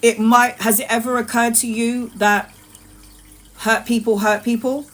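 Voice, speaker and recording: A woman's voice: on the high side, level tone, unhurried. A woman tarot reader talking on a live stream. She is emphatic and repetitive, calls viewers endearing names and swears freely. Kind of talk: live-streamed spiritual talk.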